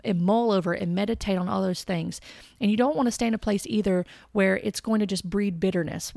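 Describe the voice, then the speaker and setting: Gravelly earnest woman giving testimony. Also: mid-range voice, a little mellow, no room sound, studio quality. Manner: earnest, halting, with restarts and repeated words. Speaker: Christian speaker sharing testimony. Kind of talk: personal testimony talk.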